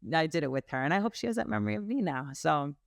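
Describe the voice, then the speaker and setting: Lively, candid woman interview guest, gravelly yet smooth voice, dry recording. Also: sits low, racing, no room sound. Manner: lively, candid, animated storytelling, laughs. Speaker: podcast guest, entrepreneur. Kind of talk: casual interview chat.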